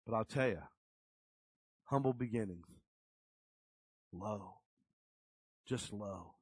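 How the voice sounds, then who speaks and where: A man's voice: on the low side, takes it slowly, long pauses, slightly rough, no room sound, low-quality recording. A middle-aged man preaching a sermon in a conversational, emphatic storytelling way.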